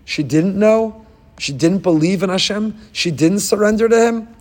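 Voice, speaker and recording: A man giving a sermon as a rabbi, moving between soft reflective passages and loud emphatic outbursts. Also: high voice, moderate pace, big-room sound. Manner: rises to loud emphatic outbursts when voicing scripture.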